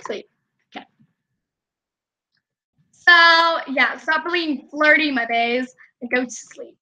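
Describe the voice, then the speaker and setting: Young woman chatting and giggling while she plays, talks kinda slow. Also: sits high, sharp tone, rough recording. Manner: giggly, chatty, often laughing. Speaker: gameplay vlogger. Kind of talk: casual gameplay commentary.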